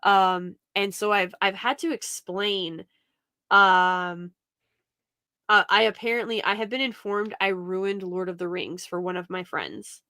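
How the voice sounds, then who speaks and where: A woman's voice: medium pitch, a little slow, clean tone, no room sound, clean studio sound. Rambling woman chatting on a call. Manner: rambling, many restarts and fillers; quotes others in animated retellings. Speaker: podcast guest. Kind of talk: casual chat.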